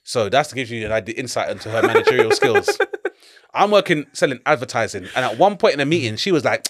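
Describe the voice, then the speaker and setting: Man, 40s, London accent; quick, animated comedian storyteller, laughing and swearing. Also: mid-range voice, breathy edge. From London, England. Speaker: comedian guest. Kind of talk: casual interview storytelling.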